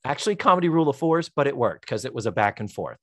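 A man's voice: medium pitch, quick pace, dry recording, clean studio sound. A man co-hosting a podcast, casually recapping a TV episode and playfully acting out the characters' lines. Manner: lively retelling, acting out quoted lines with laughs. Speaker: podcast co-host.

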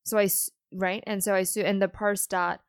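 A woman's voice: medium pitch, flat delivery, a little fast, clean tone, dry recording, studio quality. A woman co-hosting a casual technical podcast, thinking aloud with hedges as she works through ideas. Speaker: podcast co-host.

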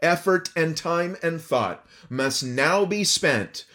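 A man preaching an expository sermon, earnest and emphatic, slowing down to stress key phrases. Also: on the high side, expressive, sharp tone. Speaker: pastor.

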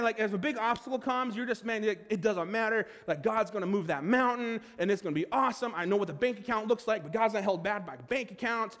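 A man preaching a conversational sermon as a pastor, animated, with quick restarts and playful asides. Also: high-pitched, big-room sound.

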